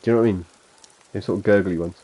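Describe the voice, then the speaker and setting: A man with a broad Suffolk accent talks through his game stream in a low, mellow, slightly husky voice. He rambles and mocks himself, chuckling along the way. The talk is loose and unscripted. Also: steady tone, racing. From England. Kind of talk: casual gameplay chat.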